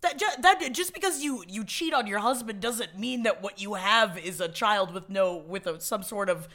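A woman co-hosting a podcast, excitable and quick to laugh in casual banter. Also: mid-range voice. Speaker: podcast co-host.

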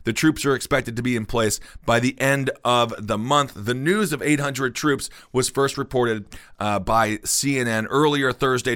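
A man's voice: mid-range voice, fairly bright tone. A man in his thirties co-hosting a podcast, chatting casually about politics with sarcastic jokes. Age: 30s. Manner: joking, sarcastic asides. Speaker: podcast co-host.

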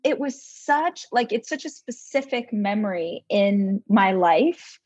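A woman's voice: mid-range voice, lively intonation, slow, a little mellow, breathy edge, no room sound. Woman podcast host, dry dull sound. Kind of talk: casual interview.

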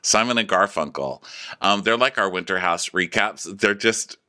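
Man, lowish bright voice, animated, wry joking podcast recap. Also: moderate pace. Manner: wry, joking, laughs often. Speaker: podcast co-host. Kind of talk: casual comedic recap chat.

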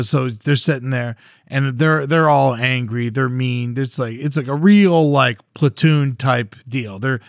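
A man's voice: medium pitch, a bit bright, no room sound, studio quality. A man co-hosting a podcast, casually retelling a movie plot in a rambling, profane way with acted-out quotes. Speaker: podcast co-host. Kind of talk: casual storytelling chat.

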